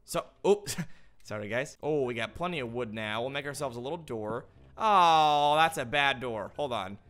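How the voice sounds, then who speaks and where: A man giving casual gameplay commentary as a gaming host. He is playful and jokey, chats to the animals in the game, and sounds slightly hoarse. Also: mid-range voice, lively intonation, normal speed, fairly bright tone, soft background music.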